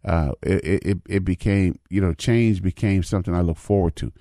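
Deep-voiced man in his fifties, storytelling. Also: moderate pace, mellow, no echo. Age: 50s. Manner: folksy, repetitive, says "man" and "you know what I mean". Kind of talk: casual storytelling monologue.

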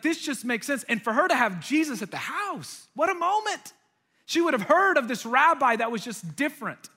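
High, bright-voiced preacher. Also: male voice. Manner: animated storytelling, acting out voices. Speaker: pastor. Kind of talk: sermon.

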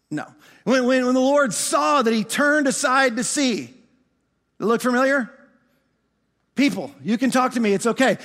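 A man preaching a sermon as pastor, animated, often restarting words and asking his congregation questions. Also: very high-pitched, in a large hall.

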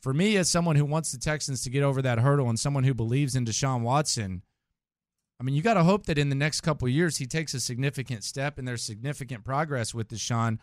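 A male sports radio host talks through his take with a steady, mid-range voice. The sound is dry and close, with no room around him. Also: medium pitch, fast, no echo. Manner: opinionated, conversational. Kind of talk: casual sports talk.

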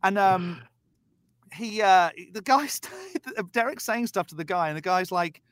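A man's voice: high-pitched, lively intonation, a little slow, fairly bright tone, no echo. A man from the south of England with a Southern English accent, telling stories animatedly as a podcast guest and acting out quoted voices. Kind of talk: casual storytelling chat.

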